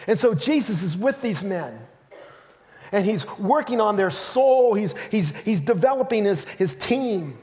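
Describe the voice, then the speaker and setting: Male pastor, high voice, lively storytelling sermon, long church reverb. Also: measured pace. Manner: animated storytelling, acting out quotes with a laugh. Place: church sanctuary.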